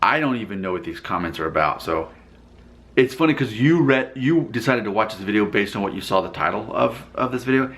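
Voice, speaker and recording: A man's voice: lowish voice, lively intonation, a little fast, fairly bright tone. A man casually rambling as he reacts to viewer comments in his vlog, often breaking into laughter.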